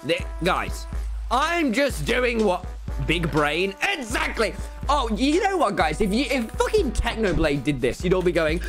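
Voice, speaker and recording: A young man streaming a game live, talking loudly and excitably to his chat in a brash, boastful way. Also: sits high, moderate pace, faint music behind. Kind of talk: livestream gaming commentary.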